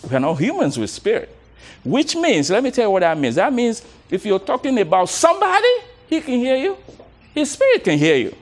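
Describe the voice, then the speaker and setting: A male motivational coach speaking to a live audience, his voice pitched high and swinging widely up and down. He is animated, laughs often and repeats words as he coaxes the crowd to answer back. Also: brisk.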